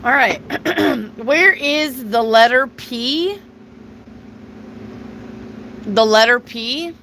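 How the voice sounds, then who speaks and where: A woman's voice: a little high, extremely slow, fairly bright tone, a little hiss or hum, rough recording. A woman hosting a casual live tarot reading, chatty, reading viewer questions aloud and answering them. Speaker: tarot reader.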